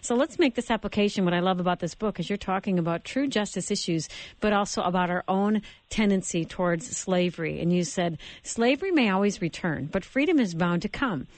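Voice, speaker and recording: A woman's voice: mid-range voice, expressive, brisk, hardly any pauses, dry recording. Lady host asking questions, encouraging, dry sound. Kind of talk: interview.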